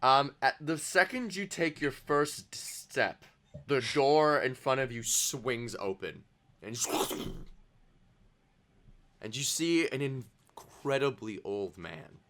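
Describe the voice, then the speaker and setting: A man narrating as game master in a tabletop role-playing game, unhurried and amused. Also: medium pitch, lively intonation, pushed and bright.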